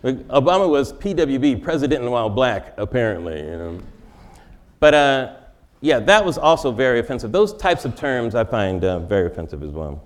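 A man's voice: mid-range voice, sing-song, moderate pace. A male comedian giving a wry comic lecture in a large forum, interviewing himself and laughing at his own jokes.

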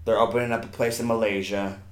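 Dude talking quick and rambly about work, echoey room. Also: male voice, fairly low pitch, flat delivery, soft background music. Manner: rambling, fillers, swearing. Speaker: podcast co-host. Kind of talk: casual chat.

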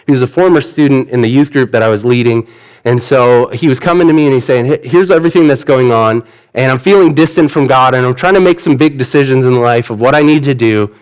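A man's voice: mid-range voice, fast, clean tone. A man preaching a sermon in an earnest, conversational way, retelling the story in everyday words. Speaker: pastor.

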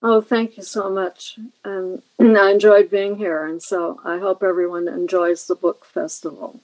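A woman's voice: fairly low pitch, flat delivery, a little mellow, dry recording, rough recording. An older woman author with a Kentucky accent, speaking as a guest and talking about her novel. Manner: slow, gravelly reading voice. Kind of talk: interview and reading from her novel.

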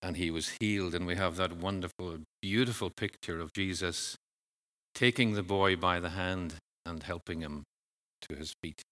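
A man preaching a sermon in a measured, earnest way, pausing and sometimes restarting phrases. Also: low-pitched, fairly even intonation, bright, forceful tone.

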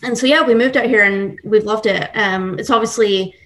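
A woman's voice: medium pitch, moderate pace, fairly bright tone. A young woman with a Scottish accent, a baker chatting upbeat as a podcast guest, with many fillers. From Scotland and Texas. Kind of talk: casual podcast interview.

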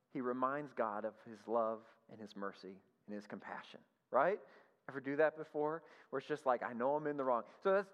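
A male pastor giving a conversational sermon, animated and asking the congregation questions. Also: mid-range voice. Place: church hall. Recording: dull lo-fi sound with long hall reverb.

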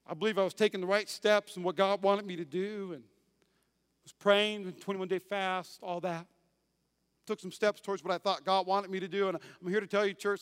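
A man preaching a sermon as pastor, swinging between loud declarations and quiet asides. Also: high voice, smooth, no echo, studio quality.

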